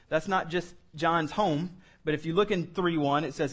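Male pastor, high voice, casual joking sermon delivery. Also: brisk, fairly bright tone, husky. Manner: conversational, joking asides. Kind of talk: sermon, verse-by-verse Bible teaching. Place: church room.

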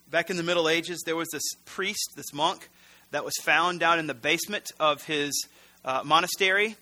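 Bright-voiced pastor preaching casually. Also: male voice, fairly high pitch, normal speed. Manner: conversational, self-correcting, earnest. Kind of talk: sermon.

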